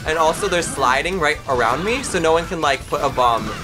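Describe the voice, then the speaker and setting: A man co-hosting a casual gameplay chat, playful and given to squeals when excited, with game music behind him. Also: fairly high pitch, brisk, poor audio. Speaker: co-host gaming.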